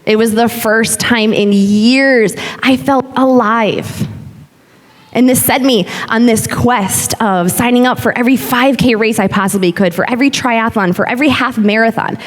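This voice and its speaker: A woman's voice: on the high side, moderate pace. A woman in her thirties, a yoga instructor, candidly and expressively telling her personal story to a live audience. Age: 30s. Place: large hall. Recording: long hall reverb.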